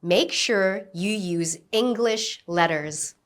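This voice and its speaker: A woman teaching an English lesson, giving slow, carefully enunciated instructions and modelling words for repetition. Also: mid-range voice. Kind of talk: slow, clear classroom instruction.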